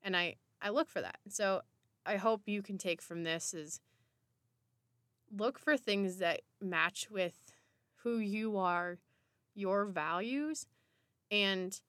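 Woman podcast host, solo reflective talk, warmly encouraging, pausing often, dry close sound. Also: mid-range voice, no room sound. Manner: encouraging, unhurried, with pauses and restarts.

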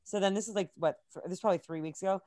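A young woman co-hosts a casual podcast in her own voice. She tells stories with loose energy and plenty of swearing and filler words. Her pitch sits in an ordinary middle range. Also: very fast. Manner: animated, profane storytelling with lots of "like". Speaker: podcast co-host. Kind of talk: casual chat, storytelling.

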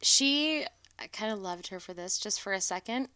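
A woman chatting about politics with wry exasperation and mocking asides. Her pitch sits in the ordinary middle for a woman. The recording is dry and close. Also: lively intonation, moderate pace, sharp tone, clear, resonant tone, dry recording. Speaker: podcast co-host. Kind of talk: casual political chat.

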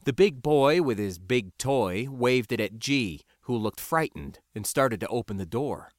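A man narrates a first-person adventure story with a wry, lively storytelling manner. His pitch moves around a lot as he reads. The recording is close and dry, with no room sound. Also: a little slow, no room sound. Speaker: audiobook narrator.

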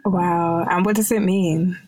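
A woman hosting a podcast, asking her guest questions in a gracious, brisk way. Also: lowish voice, fairly even intonation, a little mellow, no room sound. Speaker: podcast host. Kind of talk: podcast interview.

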